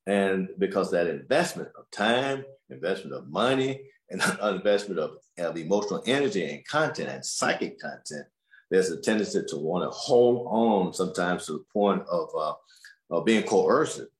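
A man, a scholar, answering interview questions in a measured, explanatory way. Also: sits low, animated, echoey room, slight background noise. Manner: measured, explanatory, repeats words.

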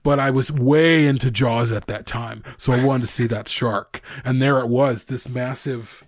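A man's voice: mid-range voice, fairly even intonation, normal speed, no echo, studio quality. A man co-hosting a casual podcast, chatting and reading listener stories aloud. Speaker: podcast co-host. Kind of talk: casual fan podcast chat.

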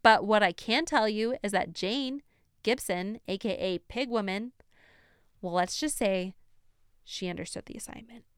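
A woman's voice: medium pitch, unhurried, clean tone, no echo, clean studio sound. A young woman hosting a true crime podcast, telling the story in a chatty, casual way with frequent laughter and emphatic asides.

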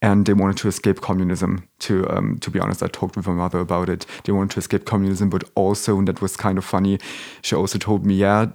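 A man's voice: low voice, level tone, quick pace, gravelly, a little mellow. A young man born in Germany, talking as an interview guest in a casual, hesitant way, often restarting and searching for words.

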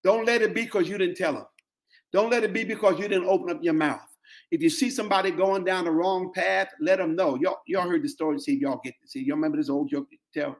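Man, middle-aged, pastor preaching, African-American English accent, high voice, repeats phrases, calls to the congregation. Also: steady tone, a little fast. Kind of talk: sermon.

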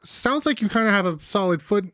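An earnest young diplomat, played by a man who answers nonsense with patient disbelief. His voice sits fairly high for a man, and the sound is dry and close. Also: lively intonation, brisk, a bit bright, dry recording. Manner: patient, incredulous. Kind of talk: improv comedy scene.

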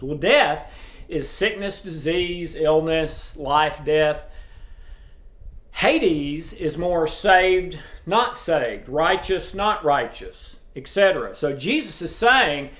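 Slow-talking man preaching in a roomy space. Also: fairly high pitch, animated, fairly bright tone. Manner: plain conversational teaching, checks in with "okay?". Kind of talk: sermon. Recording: roomy echo.

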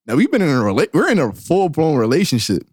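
Young male podcast co-host, animated storyteller, swooping voice, dry close sound. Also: on the high side, fast talker, breathy edge, dry recording. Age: young adult. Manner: animated storyteller, laughs often, acts out quotes. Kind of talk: casual storytelling chat.

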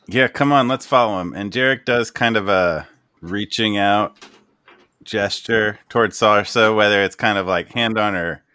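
Male player, low voice, dry sound, jokey. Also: normal speed, sharp tone, clean tone, no echo. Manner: jokey, describes his character's actions. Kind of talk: tabletop game play.

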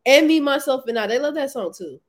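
Higher-voiced woman ranting, cussing a lot, laughing, just chatting. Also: expressive, fairly quick. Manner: blunt, profane, ranting and laughing. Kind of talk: casual chat.

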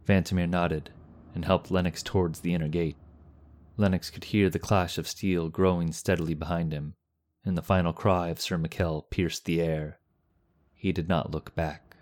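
A man reading a fantasy story aloud as a narrator, in a steady, measured storytelling manner. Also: deep voice.

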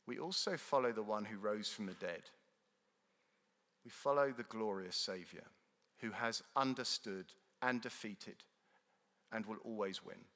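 A man preaching a sermon in a church, earnest and emphatic, swinging between loud declarations and hushed moments. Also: fairly low pitch, a little slow, pauses often. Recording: long reverb of a large hall.

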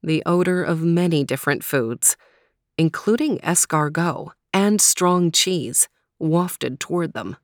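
A woman narrating a children's storybook in a steady, measured way. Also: low-pitched, no echo, clean studio sound. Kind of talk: storybook reading.

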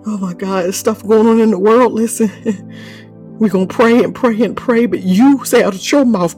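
Man, high voice, fervent prophetic prayer, rhythmic tongues chanting, faint music underneath. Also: moderate pace, darkish tone. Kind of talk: live-streamed prophetic prayer with speaking in tongues.

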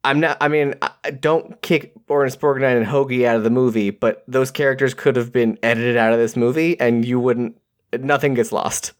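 Podcast co-host, male, loose rambling recap delivery, lively. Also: medium pitch. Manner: rambling, animated, quick to quote characters. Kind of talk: casual movie discussion.

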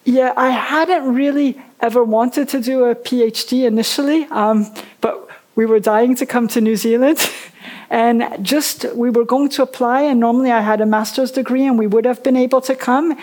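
A woman's voice: on the high side, fairly even intonation, moderate pace, a little mellow. A woman in her fifties, an author and a guest on a book festival stage, telling her story in a chatty, rambling way. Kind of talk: casual on-stage interview.

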